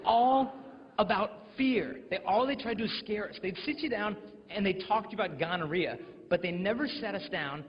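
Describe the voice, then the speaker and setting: An American man in his twenties, a chastity speaker, gives a humorous motivational talk to teens in a large school hall with an audience. His voice sits high at a moderate pace, and he's jokey and animated, acting out quotes in his stories. The lo-fi recording has a long hall reverb.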